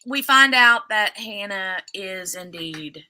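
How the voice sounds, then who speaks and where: Slow-talking bright-voiced woman livestreamer. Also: mid-range voice, expressive, slight background noise. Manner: chatty, greets viewers by name, laughs often. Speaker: livestream host. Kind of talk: casual livestream chat recapping a TV episode.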